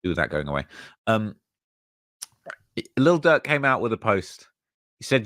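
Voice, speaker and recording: Male host, low and dry, loose conversational commentary with lots of repeats. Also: sing-song, measured pace, long pauses, a bit bright, no room sound. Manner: conversational, repeats himself, fillers. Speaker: channel host. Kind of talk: casual commentary on rap news.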